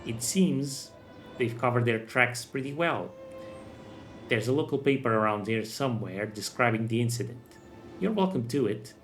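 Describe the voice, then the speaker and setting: A man's voice: medium pitch, expressive, normal speed, fairly bright tone, faint music behind, natural voice. Man reading a prim, flustered rich lady. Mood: genteel. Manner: prim, genteel. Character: fussy well-to-do lady, polite and flustered.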